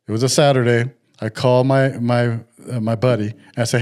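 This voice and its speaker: A middle-aged man telling a story in casual podcast chat, animated and acting out the people he quotes. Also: medium pitch, brisk, hardly any pauses.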